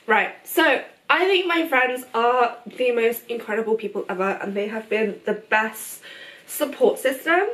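A young woman talks straight to her camera at home in a casual, open life update. Her voice sits a little high, and she fills the gaps with "um" and "like" and breaks into laughter often. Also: a little slow, fairly bright tone. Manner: chatty, open, laughs often, many fillers. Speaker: vlogger.

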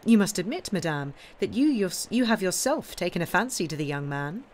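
A woman's voice: on the low side, sing-song, a little fast, darkish tone. A woman voicing a proud, outspoken young heiress who talks in firm, ringing tones. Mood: defiant.

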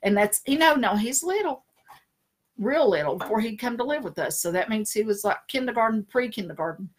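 A woman's voice: on the high side, a little fast. A middle-aged woman, a spiritual consultant chatting casually, laughing often and slipping into funny voices. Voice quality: chatty storyteller, laughs often, animated impressions. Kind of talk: casual chat on a live stream.

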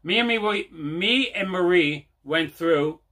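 A man with a somewhat high, bright, forceful voice hosts his own show from home. He rambles through his tale in a loose, chatty way, circling back and stacking up fillers. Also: a little slow. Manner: rambling, repeats himself, many fillers. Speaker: host. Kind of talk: casual storytelling to camera.

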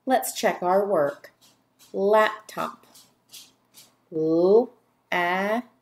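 A woman teaching phonics on video, stretching out each syllable for young learners. She speaks at a slow, patient pace with a medium pitch. Her delivery is deliberate and instructional. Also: expressive. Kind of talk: phonics dictation lesson.

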